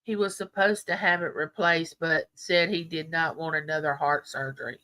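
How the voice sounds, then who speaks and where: A woman's voice: low voice, steady tone, normal speed, pushed and bright. A middle-aged woman, chatting with viewers on a livestream and telling stories full of quoted dialogue. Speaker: livestream host. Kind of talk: casual chat with viewers.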